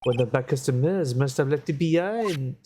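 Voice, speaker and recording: A man's voice: mid-range voice, normal speed, noisy background, natural voice. A man putting on a theatrical French restaurant owner. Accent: put-on French accent. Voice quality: exaggerated French-accented English, sprinkled with French words. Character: fussy male French restaurant owner, flamboyant. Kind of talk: reading game dialogue aloud.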